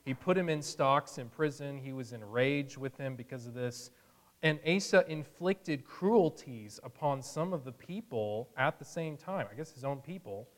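A man's voice: medium pitch, animated, normal speed, long reverb tail. A man teaching a Bible sermon in a conversational way, acting out the people he quotes with a chuckle now and then. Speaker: preacher.

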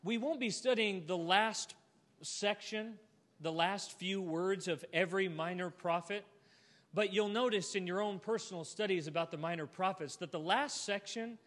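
A man preaching a sermon to a church congregation, earnest and heartfelt, ending in a gentle invitation. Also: sits high. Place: church auditorium. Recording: long hall reverb.

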